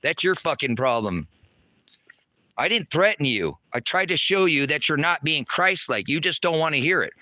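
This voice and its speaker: A man preaches furiously at his livestream chat, cursing often and swinging between shouts and low lecturing. His voice is fairly high, very bright and sharp, and the pitch jumps around a lot. The sound is close and dry. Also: expressive, normal speed, dry recording. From United States. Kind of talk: heated livestream rant to chat.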